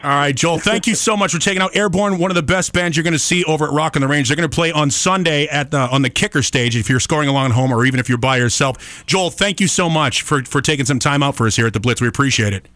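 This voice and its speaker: Fast-talking wisecracking male radio host. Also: on the high side, a bit bright, dry recording. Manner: wisecracking, sarcastic. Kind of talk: joking morning radio banter. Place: radio studio. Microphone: studio microphone.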